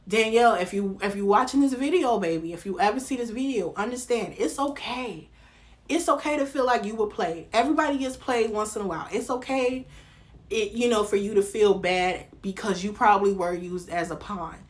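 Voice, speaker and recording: Animated Southern American woman commentator. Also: mid-range voice, a little fast. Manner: animated, slangy, talks straight to the viewer. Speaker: reality TV commentator. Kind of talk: casual commentary vlog.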